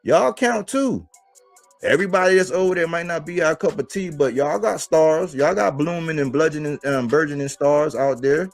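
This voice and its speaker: A man's voice: a little high, normal speed, creaky, faint music behind. A man hosting a boxing talk show, arguing his points with emphatic rhetorical questions. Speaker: boxing podcast host. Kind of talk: casual boxing commentary.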